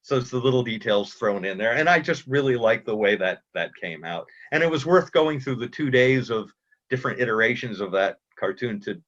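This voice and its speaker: A man's voice: mid-range voice, expressive, fairly quick, a bit bright, muffled recording. A man chatting casually as a cartoonist guest in an interview, self-deprecating and restarting his sentences often.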